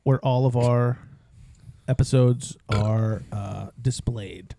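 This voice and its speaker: A man's voice: mid-range voice, steady tone, takes it slowly, gravelly, warm tone. A man co-hosting a casual podcast, upbeat while reading promo plugs. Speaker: podcast co-host. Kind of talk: casual banter.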